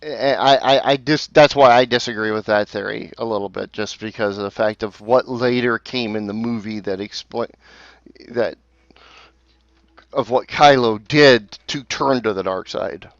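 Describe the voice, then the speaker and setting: A man talking through a casual podcast, breaking down story details and often restarting his sentences as he argues a point. His voice sits at a middle pitch. The recording is dry and a little muffled, as if from a lo-fi microphone. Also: normal speed, dry recording. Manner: analytical, talks in restarts and self-corrections. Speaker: podcast co-host.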